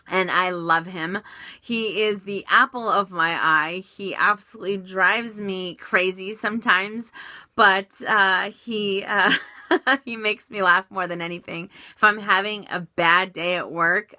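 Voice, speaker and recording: Bright-voiced chatty woman vlogger. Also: fairly low pitch, no echo. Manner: chatty, upbeat, many fillers and restarts. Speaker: vlogger answering viewer questions. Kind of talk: casual Q&A vlog.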